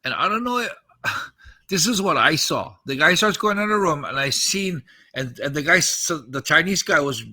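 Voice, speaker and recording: A man's voice: on the high side, pushed and bright. A man in his fifties on a podcast, casually recounting a story, acting out the quoted dialogue and swearing freely.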